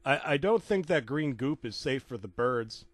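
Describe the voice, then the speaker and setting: A man's voice: medium pitch, lively intonation, normal speed, no echo, lightly acted. A man voicing an eager, polite male orange juice carton who talks in a chipper, raised voice.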